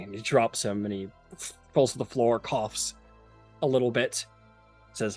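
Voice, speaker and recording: Man, game master, tabletop narration, rambling, filler-heavy, medium pitch. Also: fairly even intonation, a little slow, darkish tone, faint music behind.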